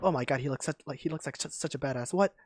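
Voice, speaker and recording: A woman streaming a game live, excitable and panicky, stammering and repeating herself as she reacts. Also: low-pitched, racing.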